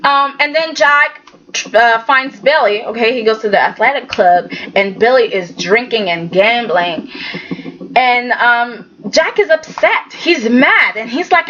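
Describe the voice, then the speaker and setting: Sassy high-voiced woman vlogger, slow and bright. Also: lively intonation. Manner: sassy, chatty, talks straight to the characters. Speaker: soap opera reviewer. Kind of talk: casual vlog recap. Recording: slightly dull lo-fi recording.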